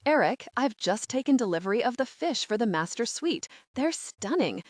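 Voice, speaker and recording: A woman's voice: fairly high pitch, very animated, moderate pace, no room sound, studio quality. A woman reading an earnest, gushing young female interior designer with a mid-Atlantic accent.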